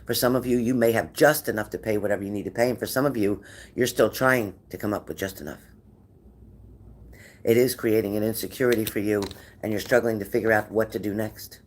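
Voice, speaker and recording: A man's voice: lowish voice, steady tone, brisk, slight background noise. A man giving a tarot reading to viewers, talking in an encouraging way and often repeating his phrases. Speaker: tarot reader.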